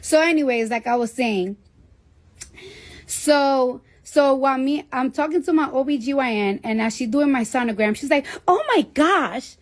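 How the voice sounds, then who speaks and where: A woman with a slightly high voice tells a story to her livestream viewers. She rambles and swears freely, with "like" in nearly every sentence, in a casual storytelling tone. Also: moderate pace. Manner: rambling, profane, heavy use of "like".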